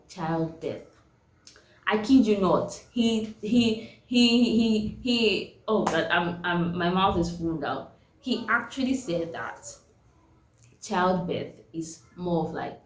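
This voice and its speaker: A young woman, chatting casually and animatedly as she reviews a book on her vlog. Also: fairly low pitch. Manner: chatty and animated, laughs often. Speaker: book vlogger. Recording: echoey room.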